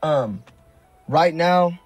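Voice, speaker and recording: A young man from Sacramento talks excitedly to his live chat with a husky, slightly raised voice. He sounds jittery and throws in slangy oaths. Faint music plays behind him. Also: a little high, extremely slow. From Sacramento area, California. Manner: nervous, swearing oaths, slangy. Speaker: prank video maker streaming live.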